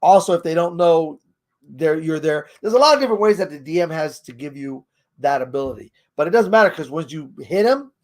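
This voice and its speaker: Sex: man. Role: tutorial host. Style: casual game-rules explainer. Pitch: high for a man. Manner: rambling, chuckling. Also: lively intonation, a little fast. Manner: rambling, chuckles often, trails off while searching.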